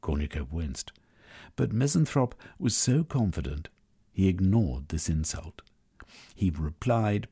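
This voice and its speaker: A man reading a story aloud as narrator, in measured storytelling. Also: low-pitched, very animated, warm tone, slightly rough. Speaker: audiobook narrator. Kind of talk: scripted narration.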